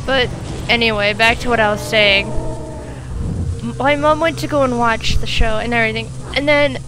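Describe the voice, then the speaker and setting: Chatty high-voiced woman gaming. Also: normal speed, background noise. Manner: rambling, exasperated storytelling full of fillers. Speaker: let's play gamer. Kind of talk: casual chat over gameplay.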